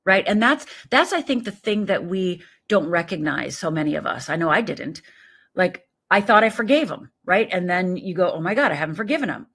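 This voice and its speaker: Husky-voiced woman in her sixties. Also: lowish voice, normal speed. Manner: animated, tags thoughts with "right?". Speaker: guest life coach. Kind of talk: conversational interview storytelling.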